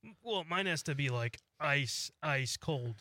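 A man's voice: a little high, lively intonation, measured pace, sharp tone, dry recording. Teasing male radio co-host. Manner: teasing, laughing easily. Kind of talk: casual radio banter.

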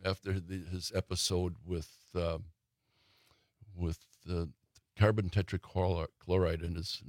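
An older man, a longtime theater critic, reminiscing slowly and haltingly in a casual talk-show chat. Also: sits low, little pitch movement, darkish tone, no echo, clean studio sound.

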